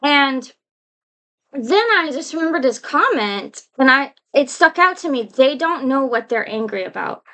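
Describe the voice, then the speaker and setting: A woman with a high, light voice chatting to camera in a loose storytelling monologue. She rambles, restarts her sentences and wanders into asides as she goes. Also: animated, unhurried, pushed and bright, low-quality recording. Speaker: vlogger.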